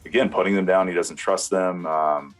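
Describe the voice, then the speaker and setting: Very deep-voiced man telling a story. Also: fairly even intonation, faint music behind. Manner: storytelling, with halting restarts. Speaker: former church security team member. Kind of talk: recounting events in an interview.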